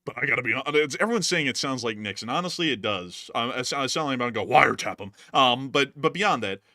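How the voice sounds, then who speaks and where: A man hosts a casual comedy chat, rambling and joking. His voice is bright and forward, with a dry, close sound. He keeps jumping from one loose joke to the next. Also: medium pitch, animated, fast, no room sound. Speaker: host.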